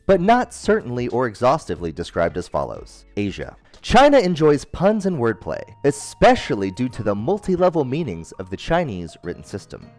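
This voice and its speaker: A man delivering a scripted comedy monologue, deadpan jokes between quick silly voices. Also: mid-range voice. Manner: deadpan jokey delivery with sudden character voices. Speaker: comedy host.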